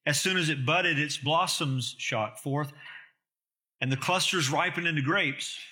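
A man's voice: fairly high pitch, a little slow, sharp tone. A man preaching an expository sermon, earnest and emphatic, with rhetorical questions to the listeners.

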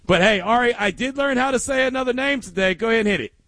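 A man's voice: extremely high pitch, quick pace, dry recording. A man hosting a daily sports talk show, telling stories casually with frequent laughs. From Oakland. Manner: animated storytelling with frequent laughs.

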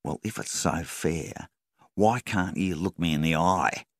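A man's voice: sits low, measured pace, no echo, studio quality. A man voicing a stubborn male wheat farmer in debt who talks defiantly and angrily. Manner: defiant, yelling, seething.

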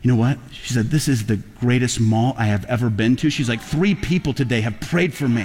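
A man preaching a sermon as a pastor, talking conversationally and rising to loud, emphatic peaks. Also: mid-range voice, fairly quick, slight background noise. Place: large church auditorium. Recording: long hall reverb.

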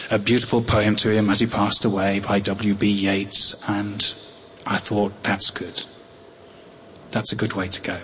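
A middle-aged English man telling a personal story live, halting and wry, with frequent restarts. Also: fairly low pitch, fairly bright tone. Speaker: storyteller on tour. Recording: long hall reverb, faint noise.

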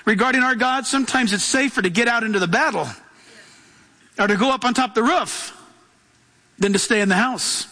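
A man preaching as a pastor, emphatic and lively, acting out voices as he tells the story. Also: very high-pitched, a little fast, long pauses, in a large hall. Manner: emphatic, acts out voices in his telling. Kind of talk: sermon.

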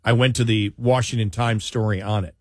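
A man's voice: on the low side, fairly even intonation, brisk, no room sound, studio quality. A man hosting a talk radio show, chatting casually and rambling with frequent restarts and fillers.

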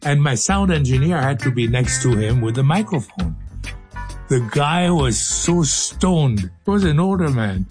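A man's voice: mid-range voice, sing-song, measured pace, darkish tone, soft background music. An older man hosting a radio show, clowning through studio outtakes in a playful, joking way. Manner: playful, clowning, breaks into silly singing and laughs.

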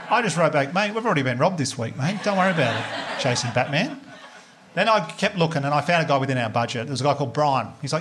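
A man in his thirties with an Australian accent, doing stand-up storytelling, lively and swearing, laughing through punchlines and acting out what people said. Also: a little high, fast talker, very noisy. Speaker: stand-up comedian.

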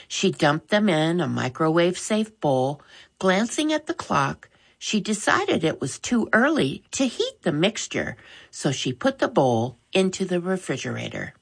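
A woman reading a children's story aloud, slowly and carefully. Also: fairly low pitch, creaky, husky. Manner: slow, careful, expressive reading. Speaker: narrator.

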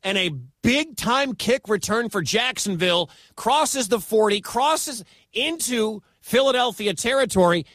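High-voiced excitable radio sports host. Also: male voice, measured pace, no echo, clean studio sound. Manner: excitable, breathless play-by-play, shouting at big moments. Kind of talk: live radio sports commentary.

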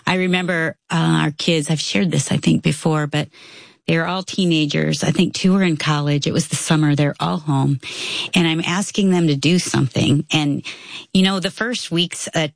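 A woman's voice: low-pitched, moderate pace, gravelly, no echo. A woman in her fifties, a guest in a casual faith chat, who tells family stories and acts out the lines of the people in them. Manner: animated storyteller, acts out quotes.

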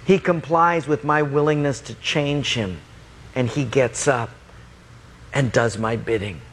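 A man voicing God as a grave, firm male presence, speaking slowly and solemnly in a sermon story. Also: mid-range voice, slight background noise, close to an everyday voice. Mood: solemn rebuke.

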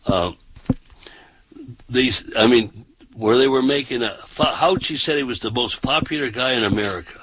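A man's voice: mid-range voice, moderate pace, fairly bright tone, a little hiss or hum, poor audio. A man hosting a casual talk show, talking emphatically and often repeating himself and restarting his sentences.

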